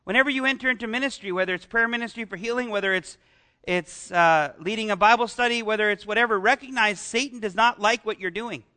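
A man's voice: high voice, fast talker, pushed and bright. A man preaching a sermon as pastor, talking conversationally and asking the congregation questions.

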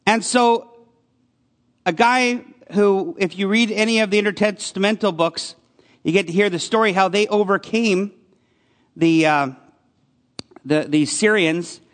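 A man's voice: high voice, measured pace, long pauses, big-room sound. A man preaching a conversational sermon as a pastor, often asking his listeners questions. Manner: conversational, asks the congregation questions.

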